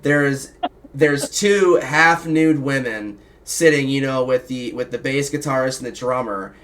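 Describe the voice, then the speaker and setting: Man, show host, casual storyteller, swears a lot, animated, mid-pitched voice. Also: unhurried, slight background noise. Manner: profane, rambling, animated.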